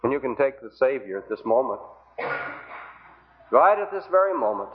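A man's voice: mid-range voice, big pitch swings, moderate pace. A man preaching an evangelistic sermon, pleading earnestly with the congregation through rhetorical questions. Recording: tinny phone-like old recording.

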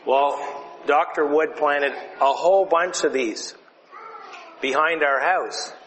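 Guy doing a kids' story time, lively and chatty, slightly high voice, echoey hall with faint hiss. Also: slow pace. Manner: lively, conversational storytelling with demonstrations. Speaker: storyteller for children. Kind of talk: children's object lesson. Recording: reverberant hall, faint noise.

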